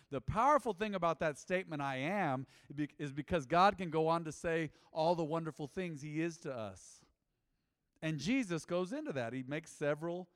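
A man's voice: on the high side, clean tone, no room sound, clean studio sound, long reverb tail. A man preaching a sermon as pastor, emphatic and repeating phrases, calling on the congregation to answer back.

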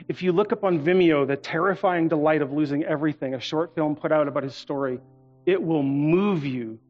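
A man preaching a sermon as a guest in a church, earnest and leading the congregation to repeat phrases after him. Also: fairly high pitch. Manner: earnest, leads congregation in call-and-response. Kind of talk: sermon with prayer. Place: church auditorium. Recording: muffled church recording with soft music.

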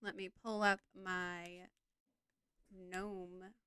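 A woman's voice: on the low side, level tone, very slow, sharp tone, smooth, dry recording. A woman co-hosts a casual chat podcast, taking her time with each thought. She is playful and giggles often as she rambles. Her voice sits close and dry on the mic. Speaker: podcast co-host.

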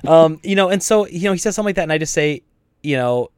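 A man co-hosting a podcast, ranting in a casual, animated and exasperated way about store customers. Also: a little high, fast, clean tone, dry recording, clean studio sound. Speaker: podcast co-host and store owner.

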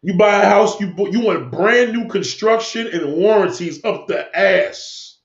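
A man with a high-pitched voice talks a little slowly. He's ranting heatedly to his stream viewers, cursing frequently and rambling from one point to the next. The recording sounds dull and lo-fi, with an echoey room.

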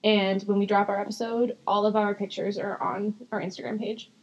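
A woman's voice: medium pitch, little pitch movement, brisk, highs cut off. A young woman co-hosting a podcast in casual chat, rambling and giggling often, swearing casually. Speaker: podcast co-host.

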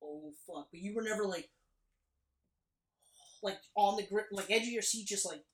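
A woman co-hosting a podcast, reviewing a movie in casual, animated chat and swearing freely. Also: mid-range voice, normal speed. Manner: animated, swearing, acts out characters' lines. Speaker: podcast co-host. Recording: echoey room.

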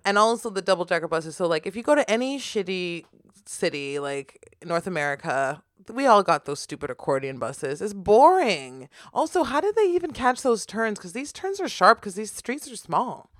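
A woman's voice: medium pitch, very animated, normal speed, no echo, clean studio sound. A woman, co-hosting a podcast in rambling, casual chat full of fillers. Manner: rambling, many fillers, laughing. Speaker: podcast co-host.

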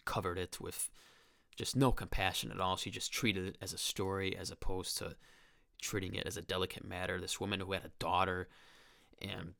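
A man's voice: sits low, level tone, moderate pace, gravelly, sharp tone, dry recording, clean studio sound. A man in his twenties hosting a podcast, talking through a horror film in a rambling, enthusiastic way. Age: 20s. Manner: enthusiastic, rambling, with restarts and quoted lines. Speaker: podcast host. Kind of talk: casual film commentary podcast.

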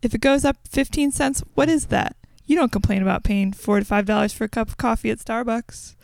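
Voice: medium pitch, fairly quick, vocal fry, a little mellow, no room sound. A podcast co-host in casual chat, chatty and reading listener posts aloud on a studio microphone.

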